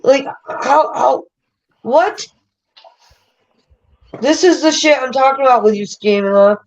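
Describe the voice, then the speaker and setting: A woman's voice: high-pitched, measured pace. A woman in a heated livestream argument, pressing accusations bluntly and swearing. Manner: confrontational, swearing, repeating accusations. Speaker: livestream participant. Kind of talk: heated group chat. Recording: muffled lo-fi audio.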